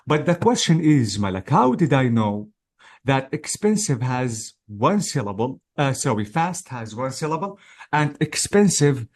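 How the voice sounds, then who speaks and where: With a very animated, mid-range voice and a slightly slow delivery, a man teaches an English exam-prep lesson. He is hesitant but patient, explaining step by step and pausing frequently to check understanding.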